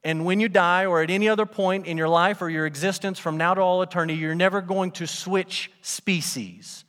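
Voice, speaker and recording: A man's voice: sits high, steady tone, a little fast, a bit bright. A man preaching a sermon to his congregation, in a conversational style with rhetorical questions. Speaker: pastor. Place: church sanctuary. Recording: long hall reverb.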